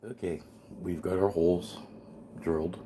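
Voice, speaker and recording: Very low-voiced eager man on a noisy recording. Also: a little slow. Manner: eager, excitable explaining. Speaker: amateur radio hobbyist building a kit. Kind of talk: hands-on kit assembly walkthrough. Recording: noisy home video recording.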